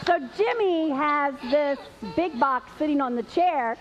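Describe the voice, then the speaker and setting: A woman's voice: high-pitched, a little slow, over music. A woman hosting a live church show, chatty and laughing, a little nervous as she tells a story. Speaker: host. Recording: dull lo-fi with faint hiss.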